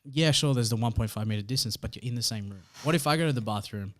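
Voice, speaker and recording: An Australian man speaks at a middle pitch with an easy, laid-back delivery, leaning on fillers as he talks things through. His voice is recorded close and dry, with no room sound. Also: quick pace, no room sound. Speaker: podcast co-host. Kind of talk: casual podcast chat.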